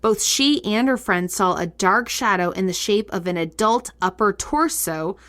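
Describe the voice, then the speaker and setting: Woman on a casual podcast, reading spooky listener stories aloud in an animated way. she breaks off with quick reactions and laughs, then goes back to the reading. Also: medium pitch. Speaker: podcast co-host.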